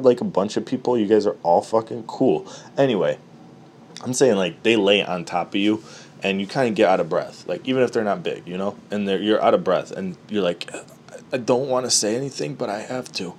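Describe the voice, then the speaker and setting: A man telling a comedic story in an animated, profane way, laughing at his own jokes. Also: on the low side.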